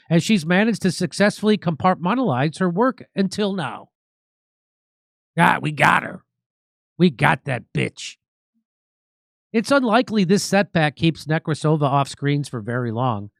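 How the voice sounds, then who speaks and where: A man hosts a political commentary show, mocking an article with heavy sarcasm. His voice sits high and swings widely in pitch. It is recorded on a close, dry mic. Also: no echo. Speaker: show host.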